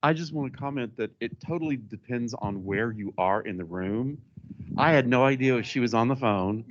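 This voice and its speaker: A man in a conference audience making a candid, animated comment from the floor. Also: medium pitch, moderate pace, highs cut off. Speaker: audience member. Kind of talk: question from the floor. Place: conference room.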